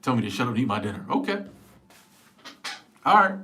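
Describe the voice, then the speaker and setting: Man, 40s, stream host: loose, emphatic, joking chat with viewers, mid-pitched, clip-on mic. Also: big pitch swings, rapid-fire, fairly bright tone. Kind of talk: casual live-stream chat answering viewers. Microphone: small wireless clip-on mic.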